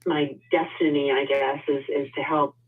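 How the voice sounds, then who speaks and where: A woman's voice: low voice, little pitch movement, moderate pace, husky. A woman introducing herself on a casual video call, friendly, with many ums and light laughs. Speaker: financial services guest. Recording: tinny phone-like call audio.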